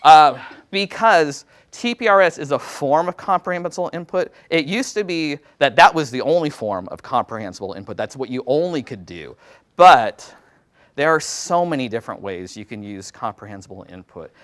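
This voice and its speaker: A male teacher talks through a workshop in a loose, conversational way. His voice sits at an ordinary, mid-range pitch. He pokes fun at himself and drops in quick quoted asides as he goes. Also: lively intonation, fairly bright tone. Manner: casual, self-deprecating, chatty with many fillers and quoted asides. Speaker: Latin teacher presenting a workshop.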